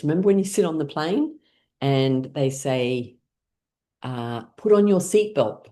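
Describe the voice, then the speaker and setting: A woman's voice: sits low, warm tone. A woman teaching an online laughter class, guiding playful pretend scenes and breaking into frequent bursts of laughter. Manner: playful, leading imaginary scenarios.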